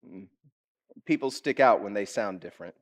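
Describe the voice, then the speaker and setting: A male pastor preaching a sermon in a lively, conversational way, asking his listeners direct questions and acting out quotes. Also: fairly low pitch, normal speed. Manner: animated preaching, acts out quotes.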